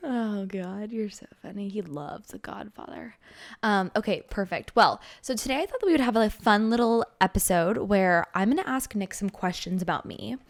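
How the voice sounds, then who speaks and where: A woman in her twenties hosting a casual podcast chat, playful and giggly, talking in quick bursts. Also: mid-range voice, expressive. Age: 20s. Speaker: podcast host.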